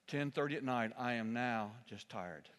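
A man preaching a sermon as an animated storyteller, jumping from loud exclamations to quiet, solemn asides. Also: mid-range voice, normal speed, in a large hall.

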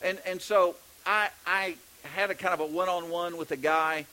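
A man's voice: high-pitched, steady tone, moderate pace, sharp tone, low-quality recording. A middle-aged man with a Texas accent, preaching a sermon in a conversational way with many restarts. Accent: Texan. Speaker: pastor.

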